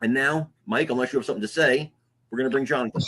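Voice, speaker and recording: Husky, swearing man ranting. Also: medium pitch, very fast, a bit bright. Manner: scolding, swears heavily. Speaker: podcast co-host. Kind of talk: profane on-air rant.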